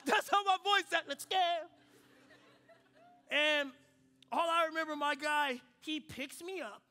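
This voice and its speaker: A young adult man delivers a sermon in a notably high, bright voice. He tells stories with a lively animated sweep, sinking to hushed, reflective moments before climbing back up with energy. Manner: animated storytelling with shifts between quiet and loud. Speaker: pastor.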